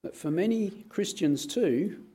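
A man preaching in an earnest, measured way as a pastor. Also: sits high, expressive, mellow, husky. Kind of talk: sermon.

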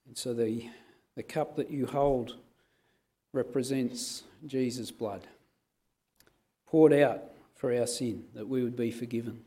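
A man preaching in an earnest, measured way as a pastor. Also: medium pitch, fairly even intonation, warm tone, breathy edge. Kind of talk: sermon.

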